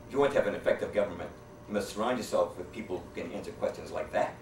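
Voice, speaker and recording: A man's voice: deep voice, very fast, far from the mic, slight background noise, voice pushed down, natural voice. A man voicing a haughty elderly queen who lectures in a prim manner, in a roomy hall away from the mic.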